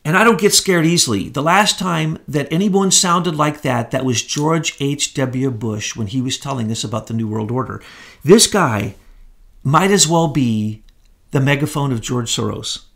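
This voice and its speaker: A man's voice: medium pitch, normal speed, gravelly, a bit bright. A man co-hosting a political commentary chat, emphatic and scornful in his delivery. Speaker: co-host.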